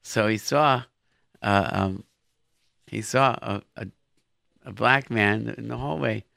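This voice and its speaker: A male call-in radio host with a gravelly, forceful edge to his voice, chatting in an encouraging way and often repeating himself. The sound is close and dry, with no room around it. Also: on the low side, takes it slowly, no echo.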